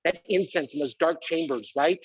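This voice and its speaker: A man's voice: fairly high pitch, normal speed, dull audio, slight background noise. A man performing a live one-man stage show, talking theatrically and prodding the audience to join in. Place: community center stage.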